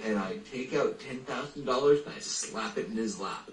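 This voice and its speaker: A man playing a tabletop role-playing game, talking in character with a theatrical, drawn-out delivery. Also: mid-range voice. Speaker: player. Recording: roomy, distant mic with faint noise.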